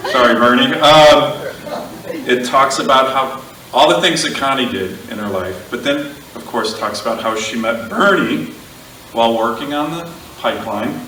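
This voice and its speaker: A man from Alaska giving a eulogy at a memorial gathering, halting with fillers and light jokes. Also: medium pitch, noisy background. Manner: halting, fillers, warm joking asides. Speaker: speaker at a memorial. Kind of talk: public eulogy speech. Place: outdoor gathering with a crowd. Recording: echoey, distant amateur crowd recording.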